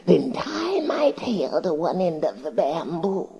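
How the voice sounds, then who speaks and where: A man's voice: on the high side, wildly swooping pitch, slow, creaky, mellow, voice pushed up, exaggerated voice. A man doing a hissing boastful snake. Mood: angry.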